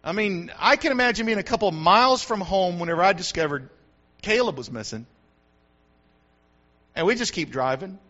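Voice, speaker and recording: A man's voice: high-pitched, expressive, moderate pace, long pauses, sharp tone, muffled recording. An older man from the United States, a grandfather and pastor, preaching a sermon with repetition and rising emphasis.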